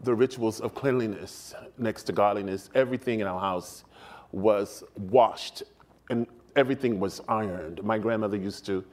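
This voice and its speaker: A man's voice: on the low side, moderate pace, a little mellow. Gracious older man telling stories. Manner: gracious, expansive, emphatic storytelling. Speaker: interview guest. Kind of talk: stage interview.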